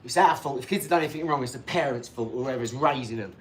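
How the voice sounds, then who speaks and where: A man's voice: medium pitch, fast talker, slight background noise. A man, talking casually on a live stream in a rambling, cheeky way and laughing between his remarks.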